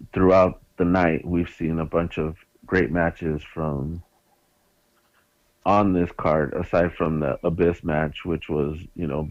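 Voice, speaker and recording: Man, very low voice, blunt and profane, dry lo-fi recording. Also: a little mellow, no echo. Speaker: podcast co-host. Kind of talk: casual wrestling review chat. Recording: dry, dull lo-fi mic.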